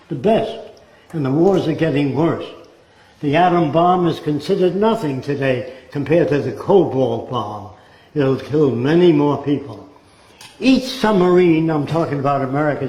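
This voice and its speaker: A man's voice: on the high side, warm tone. A man giving a blunt, sardonic talk full of rhetorical questions. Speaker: speaker. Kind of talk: lecture-style monologue. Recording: roomy echo.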